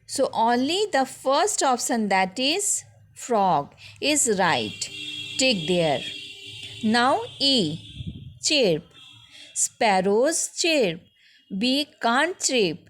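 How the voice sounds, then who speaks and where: A woman's voice: fairly high pitch, sing-song, drawn-out words, fairly bright tone, faint music behind. A woman school teacher with an Indian English accent, going through a lesson for young children patiently and step by step, often checking with "okay?".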